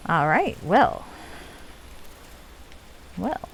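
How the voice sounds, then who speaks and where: Woman, game streamer, casual chat, wry and self-mocking, slightly low voice. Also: animated, measured pace, long pauses, a little mellow, a little hiss or hum, low-quality recording.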